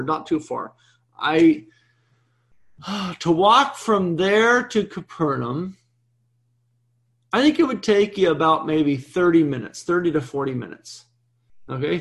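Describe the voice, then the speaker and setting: Gravelly-voiced priest preaching casually. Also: male voice, fairly high pitch. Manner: conversational, frequent "okay?" check-ins. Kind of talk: sermon, Bible teaching.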